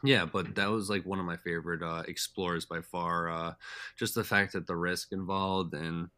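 Young guy rambling thru a story on a podcast, low voice, kinda sharp tone, lots of likes and uhs. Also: fairly even intonation, normal speed, dry recording. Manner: rambling, heavy with "like" and "uh" fillers. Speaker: podcast guest. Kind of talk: casual storytelling chat.

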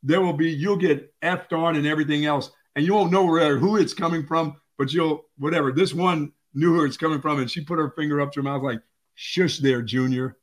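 Older guy on sports radio, slightly high voice, hams up his stories. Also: a little fast, few pauses. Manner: animated storyteller, acts out quotes. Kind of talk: casual sports talk.

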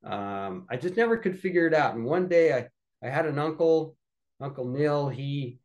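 A man who is a podcast guest, telling a family story in an animated, conversational way with frequent restarts. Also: a little high, normal speed, muffled recording.

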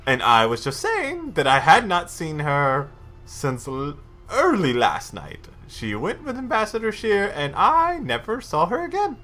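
A man playing a high, flustered, evasive magister. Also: wildly swooping pitch, measured pace, sharp tone, faint music behind, exaggerated voice. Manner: flustered, hedging, stammering. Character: nervous evasive male magister, middle-aged official.

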